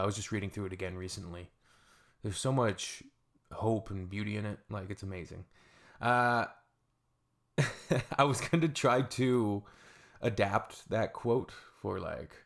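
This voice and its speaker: A man talks in a low, gravelly voice as he reacts to clips. His delivery is loose and chatty. He trails off into fillers and laughs often. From Canada. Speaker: reaction video host. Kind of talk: casual reaction commentary.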